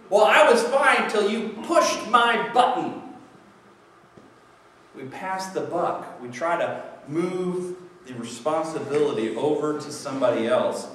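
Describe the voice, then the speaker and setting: Heard from afar in a reverberant church sanctuary with slight background noise, a pastor speaks in a high-pitched, fairly bright voice. He jokes conversationally through his sermon, impersonating the excuses people give.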